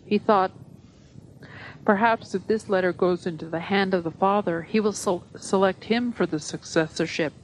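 Woman, reads a spiritual talk aloud, measured, earnest, mid-pitched voice. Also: a little hiss or hum, low-quality recording. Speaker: reader at a spiritual gathering.

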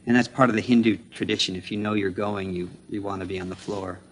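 A man earnestly recounting a personal story at a spiritual gathering, measured and halting, pausing to explain unfamiliar terms. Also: on the low side, steady tone, slight background noise. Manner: measured with frequent restarts. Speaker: speaker sharing trip experiences at a spiritual gathering.

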